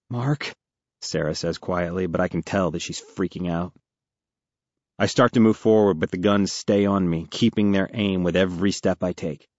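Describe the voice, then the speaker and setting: Male audiobook narrator, very low voice, earnest and wry, dull dry recording. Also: no echo. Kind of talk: first-person audiobook narration.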